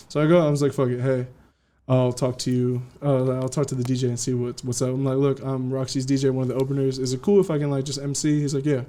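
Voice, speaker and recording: A man's voice: medium pitch, fast talker. Slangy young man telling his DJ story. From California. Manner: slangy, animated, acts out quotes. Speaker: DJ guest. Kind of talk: casual interview storytelling.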